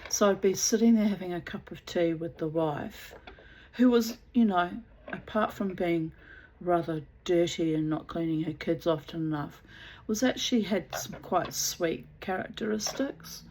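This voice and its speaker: A woman's voice: lowish voice, a little slow, darkish tone, rough recording. A woman telling a personal story in a blunt, casual way, swearing freely and laughing at herself.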